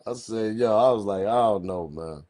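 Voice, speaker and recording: A man hosting a casual livestream, reading the chat and talking in relaxed slangy street speech, his voice leaping high when he quotes himself. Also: normal speed. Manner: animated, laughing, slangy street talk, pitch jumps high when quoting himself.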